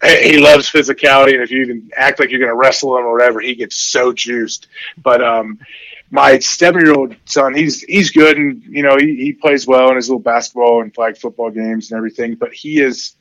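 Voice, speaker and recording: A man in his forties chatting casually as an interview guest, rambling with many fillers and getting animated when he quotes his kids. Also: mid-range voice, brisk, no echo, rough recording. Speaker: podcast guest, former football player.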